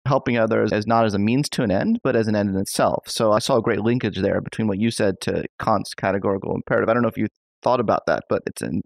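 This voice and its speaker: A man's voice: on the low side, vocal fry, no echo. A man hosting a podcast interview, enthusiastic and thinking aloud with lots of fillers. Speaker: podcast host. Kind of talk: conversational interview.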